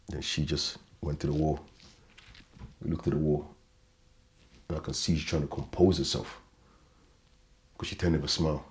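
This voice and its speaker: Very deep-voiced man, halting. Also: slightly rough. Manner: halting, repeats words, often quiet and subdued. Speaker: interview guest. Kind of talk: emotional personal storytelling.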